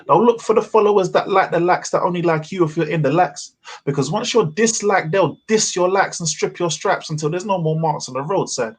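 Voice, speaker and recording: Husky man performing spoken word. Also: high voice. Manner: measured rhythmic delivery with wordplay. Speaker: open mic poet. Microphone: video call.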